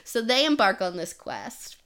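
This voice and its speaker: A young woman co-hosts a casual book chat, with a bright, forward tone. She retells plots in an animated way, full of "like" and small restarts. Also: medium pitch, unhurried, clear, resonant tone. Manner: animated retelling with many fillers and "like". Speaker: podcast co-host.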